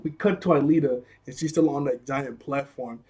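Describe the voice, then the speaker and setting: A young man casually recapping a cartoon episode, rambling and laughing often as he acts out the characters' lines in quick voices. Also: medium pitch, a little mellow, slight background noise. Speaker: video reviewer.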